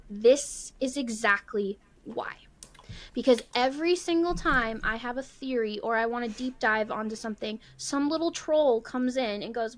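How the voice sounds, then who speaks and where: A woman's voice: high voice, moderate pace, a bit bright. A woman in her thirties co-hosting a casual podcast, talking in a blunt, emphatic way. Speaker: podcast co-host.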